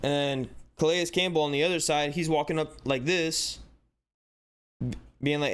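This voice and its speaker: Smooth-voiced man, exasperated sports commentary. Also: on the high side, moderate pace. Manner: animated and exasperated, rhetorical questions, frequent "like". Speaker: sports channel host. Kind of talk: casual commentary breaking down footage.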